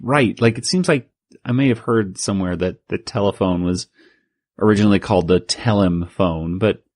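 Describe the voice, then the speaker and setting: A man's voice: moderate pace, no echo. Rambling man co-hosting a casual podcast. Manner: rambling, animated, acts out quoted lines in higher voices. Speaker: podcast co-host. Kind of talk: casual chat, recapping a comic.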